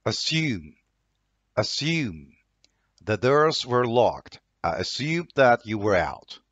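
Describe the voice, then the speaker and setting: Turkish accent guy reading english words twice each, slow and careful, dry muffled sound. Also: mid-range voice, sing-song, fairly bright tone, dry recording. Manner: says each word twice, then reads an example sentence. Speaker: language teacher. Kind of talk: reading vocabulary words and example sentences.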